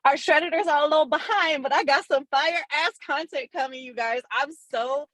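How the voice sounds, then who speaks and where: A woman speaks on a video call about her recent wins as a real estate agent. She is candid and excited and swears freely. The sound is dry and close, with no room echo. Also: high-pitched, moderate pace. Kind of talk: casual testimonial in a coaching call.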